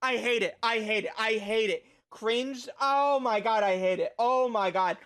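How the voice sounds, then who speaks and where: A young man streaming a reaction video, ranting with lots of swearing and frequent shouting. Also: high voice, a little slow, smooth. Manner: loud, profane, frequently shouting.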